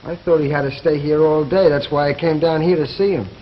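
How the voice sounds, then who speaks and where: An actor playing a young soldier son. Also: male voice, fairly high pitch, steady tone, fairly quick, slight background noise, natural voice. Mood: puzzled. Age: young adult. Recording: muffled 1950s television recording.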